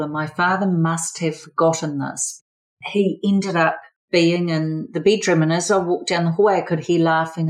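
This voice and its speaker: Older New woman, low and earnest, measured personal testimony over faint music. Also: low-quality recording. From New Zealand. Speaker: former therapist sharing her story.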